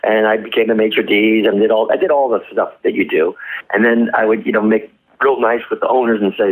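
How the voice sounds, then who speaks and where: A man guest on an interview podcast, telling animated stories about his acting career and laughing often. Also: fairly low pitch, brisk, low-quality recording. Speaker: actor guest. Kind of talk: casual interview storytelling.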